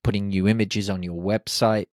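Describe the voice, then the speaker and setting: A man hosting a solo podcast, talking in an animated way and slipping into quick voices for people's inner self-talk. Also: fairly low pitch, dry recording, clean studio sound. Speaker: podcast host.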